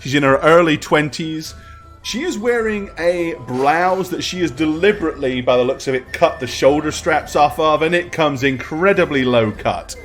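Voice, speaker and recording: A man narrating as dungeon master in a tabletop game, describing scenes in detail with many pauses and ums. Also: on the high side, soft background music.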